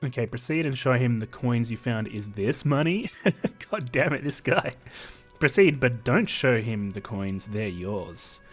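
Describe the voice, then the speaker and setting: A man's voice: mid-range voice, lively intonation, unhurried, faint music behind. A man streaming a game, casually reading out his dialogue choices and swearing with a laugh. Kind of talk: casual gaming commentary.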